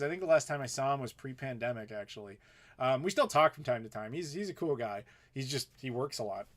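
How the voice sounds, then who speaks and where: A man, hosting a live question-and-answer stream, chatting casually and reading out viewer questions. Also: mid-range voice. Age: 30s. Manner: casual, rambling, reading chat aloud. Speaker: YouTube host. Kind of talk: live Q&A chat.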